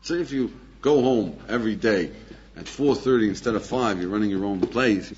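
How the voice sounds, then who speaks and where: A rabbi teaching a class to a live audience in an animated, questioning way, chuckling and acting out little dialogues. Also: male voice, lowish voice, moderate pace, breathy edge. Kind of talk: lively lecture to a live audience. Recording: dull lo-fi archival lecture tape.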